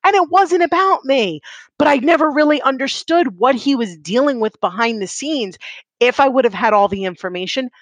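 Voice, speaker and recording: A woman's voice: high-pitched, expressive, moderate pace, no echo. A woman co-hosting a podcast who speaks emphatically and dramatically in casual chat, repeating phrases for effect. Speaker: podcast co-host.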